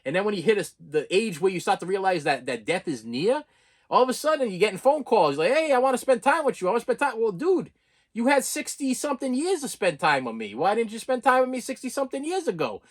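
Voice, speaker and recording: A man in his fifties with a high voice talks a little fast and very animatedly. As a vlogger, he unloads a raw, emotional personal rant to camera, full of stammers, restarts, and repeated phrases.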